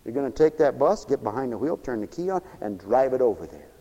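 A man preaching a sermon, swinging from loud high exclamations to low murmurs. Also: big pitch swings, fast talker, in a large hall, poor audio.

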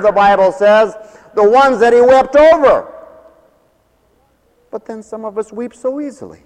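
A man preaching a sermon, swinging between raised declarations and low, quiet asides, sometimes acting out what people say. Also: in a large hall. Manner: mimics people in dialogue.

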